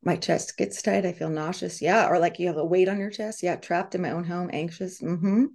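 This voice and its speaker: Speaking with a fairly low pitch and at a moderate pace, this middle-aged podcast host and coach addresses a live group. She animatedly reads the group's comments aloud and performs the quoted voices.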